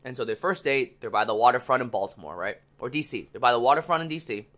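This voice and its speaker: A man's voice: medium pitch, lively intonation, fast, a bit bright. Man telling a rambling story. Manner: rambling anecdote teller, acts out others' lines. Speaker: podcast co-host. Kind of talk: casual storytelling chat.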